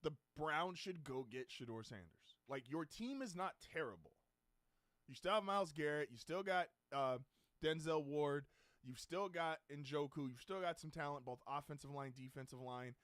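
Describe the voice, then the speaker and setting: Animated man ranting over a draft. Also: on the high side, normal speed, no room sound, studio quality. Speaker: podcast host. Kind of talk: live draft watch-along commentary.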